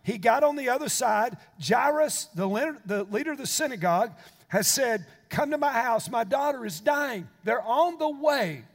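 A man's voice: very high voice, animated, normal speed, vocal fry. Older man preaching in a reverberant hall. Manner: storytelling, building to impassioned preaching. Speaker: pastor. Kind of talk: sermon.

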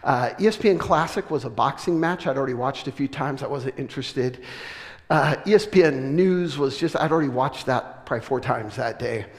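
A middle-aged man from the US West Coast, preaching a sermon and telling a personal story with animated, self-deprecating humor. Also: medium pitch, brisk. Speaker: pastor. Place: church sanctuary. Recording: long reverb of a large church hall.

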